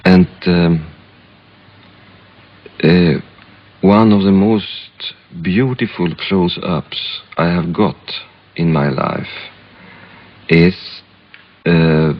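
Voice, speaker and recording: A man from Sweden, a film director being interviewed, speaking English with a Swedish accent and pausing often to find his words. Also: sits low. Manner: halting, searching for English words. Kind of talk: reflective interview storytelling. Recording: dull lo-fi archival recording.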